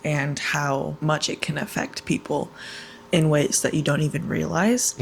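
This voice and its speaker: Low-voiced chatty young woman. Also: a little hiss or hum. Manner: chatty, emotional about books. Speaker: reading vlogger. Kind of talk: casual vlog talk to camera.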